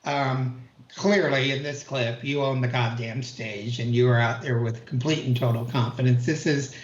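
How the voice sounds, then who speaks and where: A man's voice: mid-range voice, steady tone, moderate pace, a little hiss or hum. Teasing male host, dull roomy sound. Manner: teasing, laughing interviewer. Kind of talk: casual chat on a live stream. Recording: roomy, dull video call audio.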